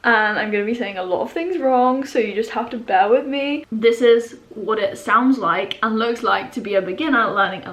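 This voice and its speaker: A woman's voice: a little high, a bit bright. Chatty young Englishwoman in an echoey room. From England. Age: young adult. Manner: chatty, switching into slow halting beginner German. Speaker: vlogger. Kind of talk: casual vlog chat. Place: at home. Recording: roomy, echoey room sound.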